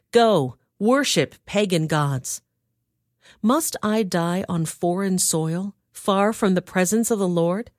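A woman's voice: mid-range voice, darkish tone, no room sound, clean studio sound, lightly acted. A woman reading earnest young David. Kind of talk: Bible reading.

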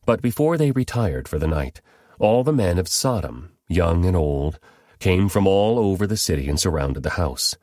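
A man reading scripture aloud in a steady, measured way. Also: low-pitched, no room sound, studio quality. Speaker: scripture reader.

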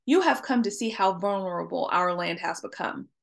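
A woman reading the lines of a stern male governor who accuses strangers, in a slow, deliberate and insistent delivery. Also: lowish voice, expressive, vocal fry.

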